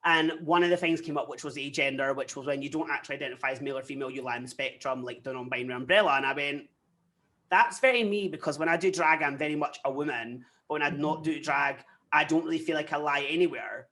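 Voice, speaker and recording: A young Scottish man, his voice a bit high for a man, chats quickly and candidly in a relaxed interview. His stories tumble out in animated retellings packed with quoted asides, the tone of easy, casual conversation.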